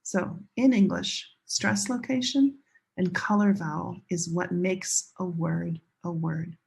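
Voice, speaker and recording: A woman teaching a pronunciation lesson, leading learners through slow chanted drills. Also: lowish voice, gravelly, darkish tone, breathy edge. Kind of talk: classroom lesson.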